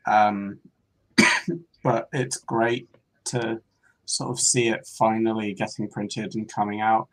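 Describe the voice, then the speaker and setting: A man who is a guest comic artist, chatting casually about his projects in a hesitant way with many pauses and ums, coughing now and then. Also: fairly low pitch, fairly even intonation, fairly bright tone, rough recording. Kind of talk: casual chat.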